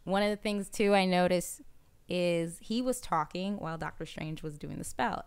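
A woman hosting a podcast in casual chat who laughs often and jumps up in pitch when she quotes people. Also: normal speed, clean tone. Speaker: podcast host. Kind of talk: casual chat reacting to a movie trailer.

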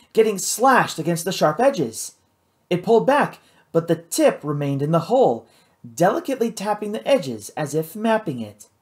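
An audiobook reader narrating a novel in the first person, measured and expressive. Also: medium pitch.

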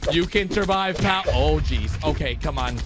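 A man giving excited reaction commentary over animations, exclaiming and calling out to viewers. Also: a little high, normal speed. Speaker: YouTube commentator. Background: background music.

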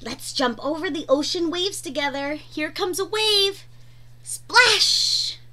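A woman reading a children's picture book aloud in a gentle, sing-song way, chatting to her dog between pages. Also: very high-pitched, expressive, slow pace. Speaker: storyteller.

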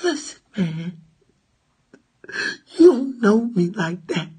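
A man's voice: sits high, sing-song, slow, mellow, breathy edge, voice pushed up, exaggerated voice. Man mocking a sobbing young rapper. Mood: whiny protest. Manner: whiny, wobbly, defensive. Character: tearful young male rapper fighting back sobs.

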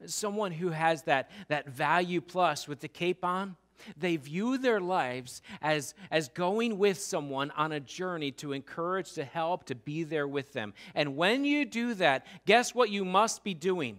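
Male pastor, casual sermon delivery, acts out quotes, punches repeated words loudly. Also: on the high side, expressive, measured pace. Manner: conversational preaching with acted-out quotes and rising emphasis. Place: church sanctuary.

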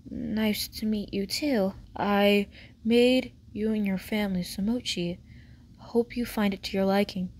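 A woman voicing a tall, shy teenage boy neighbor who speaks in a low, flat, hesitant and polite way. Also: unhurried, natural voice.

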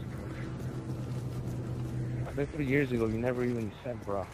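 A man's voice: medium pitch, moderate pace, very noisy. A man giving crude, taunting gameplay commentary. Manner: taunting, crude trash talk. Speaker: gaming commentator. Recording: loud gunfire from game audio.

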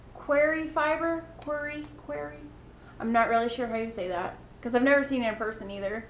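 A woman's voice: a little high, a bit bright, roomy sound, a little hiss or hum. A woman hosting a knitting podcast, chatting casually and gushing with thanks. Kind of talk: casual chat to camera.

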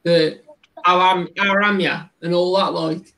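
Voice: mid-range voice, steady tone, measured pace, fairly bright tone. A speaker with a West Midlands accent telling stories in loose, casual chat and sometimes slipping into playful put-on voices. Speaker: livestream co-host.

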